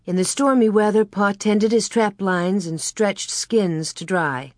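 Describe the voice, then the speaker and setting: A woman narrating a children's storybook aloud in a measured storytelling manner. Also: medium pitch, no echo, clean studio sound. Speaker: audiobook narrator. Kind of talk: scripted narration.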